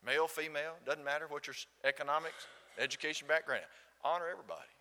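A man's voice: fairly high pitch, fairly even intonation, fast, sharp tone, a little hiss or hum. A man with a Southern accent from Alabama, preaching a sermon and telling a story, asking the congregation questions. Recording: long hall reverb.

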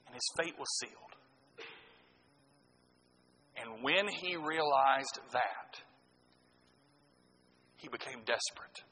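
A middle-aged man preaching a sermon, swinging from loud, punchy lines to hushed ones. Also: mid-range voice, slow, long pauses, breathy edge, big-room sound, rough recording. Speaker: pastor.

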